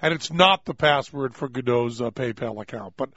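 A man's voice: medium pitch, fairly bright tone, dry recording. A man hosting a radio show, chatting loosely, joking and laughing as he rambles. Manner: rambling, jokey, quick to laugh. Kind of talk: casual radio talk. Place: radio studio. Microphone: studio microphone. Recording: dry, dull-toned studio sound.

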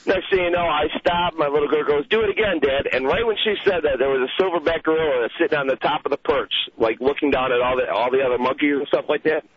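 A man calling in to a radio show and telling a lively, rushed story. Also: on the high side. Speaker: caller. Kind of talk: phone-in anecdote. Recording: dull radio broadcast, crowd noise behind.

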